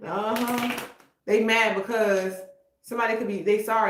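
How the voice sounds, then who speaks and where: A woman's voice: a little high, steady tone, normal speed. A woman giving a casual tarot reading in a blunt, slangy way. She often repeats "okay?". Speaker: tarot reader. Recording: echoey room with noise.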